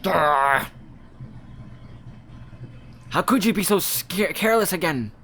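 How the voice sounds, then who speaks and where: A man voicing a furious game companion who shouts and snaps in a raised, strained voice. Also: high-pitched, expressive, takes it slowly, slight background noise, voice pushed up, full character voice.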